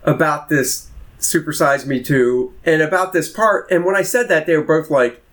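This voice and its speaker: A man co-hosting a podcast, chatting casually and getting excited when he tells his own side. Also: normal speed. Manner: lively, pitch leaps up when excited. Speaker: podcast co-host. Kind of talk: casual chat.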